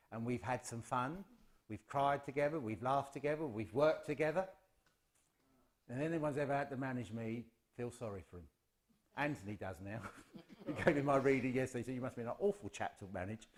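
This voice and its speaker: An English man giving a chatty, self-deprecating, humorous address at a spiritualist service. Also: medium pitch. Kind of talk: informal humorous address to a congregation.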